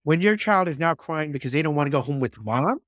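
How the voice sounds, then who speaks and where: A man's voice: fairly high pitch, animated, fast talker, a bit bright, no echo, studio quality. Encouraging male podcast host. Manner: encouraging, emphatic, repeats words. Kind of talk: conversational interview.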